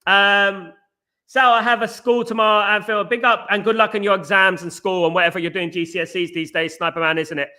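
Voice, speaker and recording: A man hosting a football fan live stream, bantering and giving shout-outs to viewers in the chat. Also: high-pitched, little pitch movement, fairly quick. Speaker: host.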